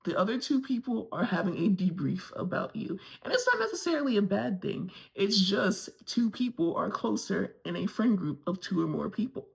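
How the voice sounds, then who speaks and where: A woman's voice: mid-range voice, very animated, moderate pace, vocal fry, few pauses. A woman from Florida giving a candid, gossipy recap of a TV episode and swearing casually along the way. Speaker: TV review vlogger.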